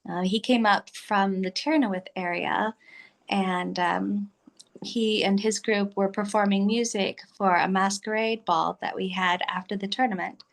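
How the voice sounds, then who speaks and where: A woman in her fifties, a guest telling her story in an unhurried, friendly way. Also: medium pitch, steady tone, gravelly. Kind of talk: casual interview storytelling.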